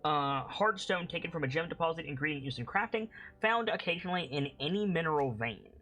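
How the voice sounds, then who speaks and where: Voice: medium pitch, animated, fairly quick, bright, forceful tone, low-quality recording. A game streamer casually commenting on gameplay and reading game text aloud.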